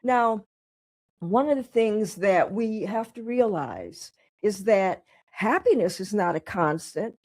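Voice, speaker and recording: An older woman in her eighties talks as a guest coach, her voice husky and breathy yet lively, swooping up and down as she encourages. She sounds warm in intent and plainly conversational. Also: medium pitch, takes it slowly. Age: 80s. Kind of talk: casual chat.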